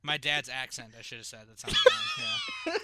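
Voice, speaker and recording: A man's voice: mid-range voice, wildly swooping pitch, fairly quick, a crowd in the background. A young man hosting a podcast in casual chat, a little tipsy, jokey and swearing a lot. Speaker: podcast host.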